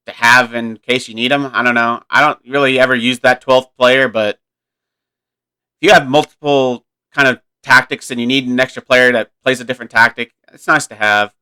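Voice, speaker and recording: Playing a football management game, this gaming YouTuber offers loose, think-aloud remarks and often revises what he's saying partway through. He has a clear, resonant mid-range voice with a sharp tone.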